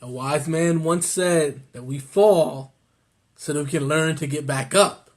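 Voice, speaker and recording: A man's voice: fairly high pitch, unhurried. A man co-hosting a casual weight-loss vlog, laid-back and joking as he gives advice. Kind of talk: casual chat.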